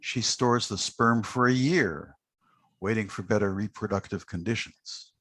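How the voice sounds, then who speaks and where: A man hosting a poetry prize ceremony on a video call, joking gently and reading a poem aloud. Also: on the low side, no room sound. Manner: unhurried, gently joking, with frequent uh fillers. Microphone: video call microphone.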